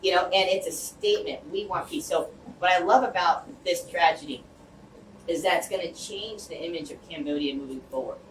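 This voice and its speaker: A man's voice: a little high, fairly quick, a bit bright. Man rambling through a heartfelt speech, far from the mic, roomy hall, faint hum behind. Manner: rambling and earnest, many fillers and restarts. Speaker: guest speaker. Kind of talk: impassioned speech to a community group.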